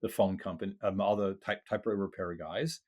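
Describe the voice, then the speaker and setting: An older man with a very deep, low voice, guesting on an interview show. He tells his story loosely and animatedly, slipping into the voices of the people he meets, with the odd casual curse. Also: fast talker. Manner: animated storyteller acting out quoted dialogue; casual with mild swearing.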